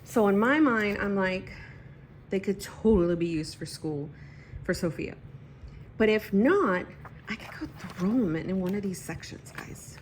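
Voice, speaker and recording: A woman in her thirties chatting casually at home about her planner, excitable and talking to herself as she goes. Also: medium pitch, a little slow, slight background noise, rough recording. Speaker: planner vlogger. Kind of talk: casual chat.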